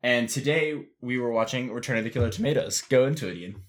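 A man's voice: mid-range voice, fast. A man co-hosting a podcast, talking in a loose, rambling way full of fillers. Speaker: podcast co-host. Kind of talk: casual podcast chat.

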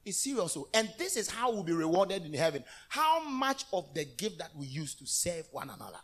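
Animated man preaching, husky voice. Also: sits high, fairly quick. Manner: animated, call-and-response preaching. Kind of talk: sermon. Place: church hall.

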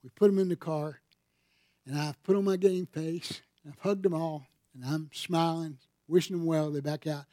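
A man's voice: fairly even intonation, normal speed, no echo. An older man, preaching a sermon in church and telling stories with emphatic swells in force. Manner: emphatic storytelling, swelling louder and higher on key points. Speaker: pastor. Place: church sanctuary.

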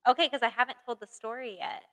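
A woman's voice: on the high side, fairly even intonation, quick pace, a bit bright, poor audio. A young woman in her twenties co-hosting a podcast in casual chat, reading stories aloud and laughing easily. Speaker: podcast co-host.

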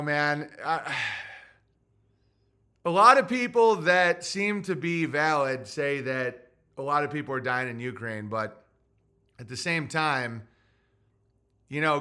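Brash, bright-voiced man ranting on a stream. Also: a little high. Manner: loud, rambling and mocking, often swinging into mock voices. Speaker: podcast host. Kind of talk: livestream monologue reading chat.

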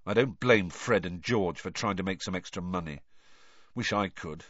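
A man's voice: sits low, moderate pace, fairly bright tone, dry recording, dull audio. A man voicing a sulky, resentful teenage schoolboy who mutters sullenly, in a storybook reading. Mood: gloomy.

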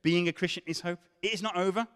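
A man preaching a sermon, swinging from loud questions to hushed tones. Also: sits high, fairly even intonation, fast talker, clean tone. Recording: long hall reverb.

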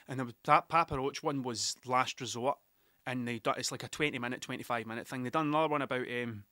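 A young man from Scotland hosts a casual solo podcast, rambling between stories and swearing freely. His voice is a little high, bright and forceful, recorded dry and close to the mic with no room sound.

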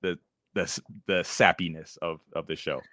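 Low-voiced man, casual podcast co-host. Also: little pitch movement, moderate pace, fairly bright tone, no echo, studio quality. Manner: laughs often, swears freely.

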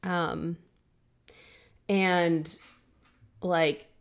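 A young woman co-hosting a book podcast, chatting in a relaxed, casual way, with lots of "like" and "um". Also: fairly low pitch, very slow, clean tone. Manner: relaxed, fillers like "like" and "um". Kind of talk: casual chat.

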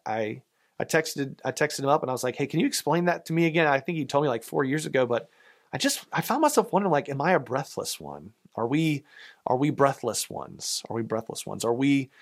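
A man preaching a sermon in a casual, conversational way, often restarting his sentences. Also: mid-range voice. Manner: conversational, halting with restarts and fillers. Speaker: pastor.

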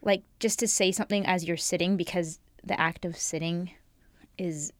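A woman's voice: fairly low pitch, fairly even intonation, moderate pace, dry recording. A woman co-hosting a casual podcast, telling self-mocking stories with frequent laughter. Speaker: podcast co-host. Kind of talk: casual chat.

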